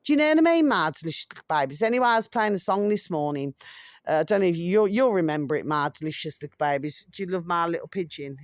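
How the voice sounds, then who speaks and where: A woman's voice: fairly low pitch, expressive, fast, no room sound, clean studio sound. A middle-aged woman from South Africa hosting a casual opinion monologue, chatty and repetitive, fond of endearments for her viewers. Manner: chatty, repeats "my delicious little babies". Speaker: channel host.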